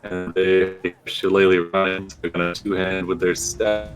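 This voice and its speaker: A man narrating as game master of a tabletop role-playing game, in a relaxed, chatty way. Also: low-pitched, normal speed, soft background music.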